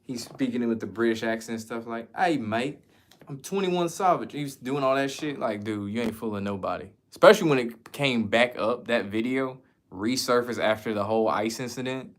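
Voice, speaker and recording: A man's voice: mid-range voice, a little fast, few pauses. A man from the United States chatting casually as a streamer, answering viewer questions in a loose, slangy, profane way. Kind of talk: casual chat.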